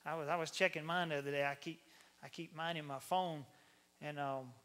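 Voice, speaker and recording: Southern pastor, lively storytelling sermon, high, bright voice. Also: male voice, brisk. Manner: animated, conversational storytelling.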